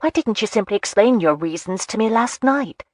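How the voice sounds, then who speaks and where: A woman voicing a young, earnest marchioness in an audiobook, speaking briskly and earnestly. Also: fairly high pitch, expressive, no echo, studio quality, voice pushed up.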